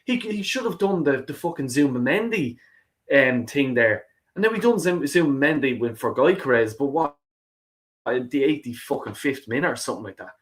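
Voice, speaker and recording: A man's voice: medium pitch, expressive, moderate pace. A man hosting a football call-in stream, ranting heatedly and swearing heavily, often repeating himself. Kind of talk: heated fan rant.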